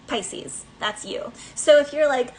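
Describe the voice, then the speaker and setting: A woman's voice: sits high, slow pace, a little hiss or hum, rough recording. A woman giving a casual tarot reading in a chatty, playful way, laughing between thoughts. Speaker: tarot reader.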